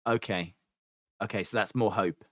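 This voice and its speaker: A man's voice: fairly low pitch, normal speed, fairly bright tone, no echo, studio quality. A man co-hosting a wrestling podcast, chatting in a rambling, self-deprecating way. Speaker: podcast co-host. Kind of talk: casual podcast chat.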